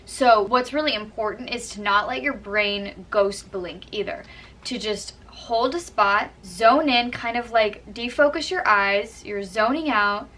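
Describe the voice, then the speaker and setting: Brief: young woman vlogger, chatty and earnest, bright tone, mic a little distant. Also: on the high side, measured pace. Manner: chatty, earnest, frequent "like" and "kind of". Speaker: vlogger giving acting tips. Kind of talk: casual how-to talk to camera.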